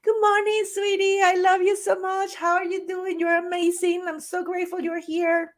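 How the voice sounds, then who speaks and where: A woman plays a tender, gushing figure who showers affection in high, sing-song baby talk. The voice jumps far above her normal register and takes on a changed, airy timbre. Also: flat delivery, moderate pace. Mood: doting. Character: doting adult cooing sweet talk, gushing and tender.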